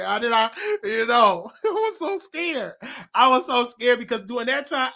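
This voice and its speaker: A man hosting a show and telling a personal story in a rambling, animated way, with laughter and many restarts. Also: extremely high pitch, moderate pace, vocal fry. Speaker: talk show host. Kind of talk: casual storytelling monologue.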